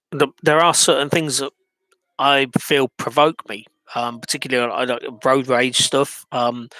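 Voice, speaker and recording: A man's voice: mid-range voice, bright, forceful tone, no echo. Hesitant man speaking personally to camera, mid-range voice, dry room. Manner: hesitant, many ums and restarts, reflective. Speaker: vlogger. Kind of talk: personal monologue.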